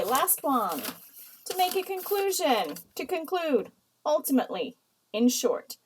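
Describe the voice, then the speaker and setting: Female writing teacher, a touch high-voiced, patient and explanatory delivery. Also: a little mellow, breathy edge, poor audio. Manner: slow, explanatory, reads example sentences aloud. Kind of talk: recorded writing lesson.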